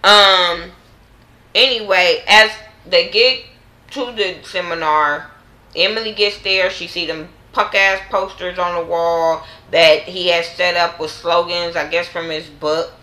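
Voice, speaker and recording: Woman, low-pitched voice, bright and forceful, blunt exasperated show recap, roomy echo. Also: steady tone, slow. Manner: blunt, profane, exasperated ranting. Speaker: reality TV recap vlogger. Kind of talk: casual opinionated recap.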